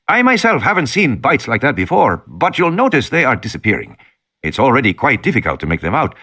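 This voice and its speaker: A man voicing a calm, formal male doctor in an audiobook, speaking with careful phrasing. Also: mid-range voice, brisk, breathy edge, pitched above the performer's own voice, exaggerated voice. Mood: measured.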